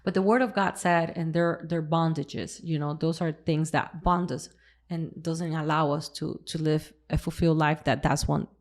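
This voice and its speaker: A woman's voice: deep voice, steady tone, moderate pace. A woman hosting a faith-based interview, affirming her guest and explaining scripture in a reflective way. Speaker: podcast host.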